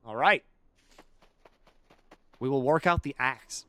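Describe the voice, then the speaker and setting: A young man streaming a game, chatting casually in a rambling, excitable way, swearing often and acting out silly character voices. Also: medium pitch, a little slow, clear, resonant tone, dry recording. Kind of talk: casual chat while gaming.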